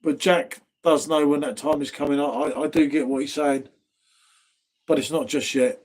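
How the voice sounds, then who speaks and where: A middle-aged Englishman with a southern accent from near London hosts a casual live stream, chatting and reading out viewer comments. His voice is fairly high and a little mellow, with fairly even intonation and a moderate pace. He's laid-back and chatty, and says "mate" a lot.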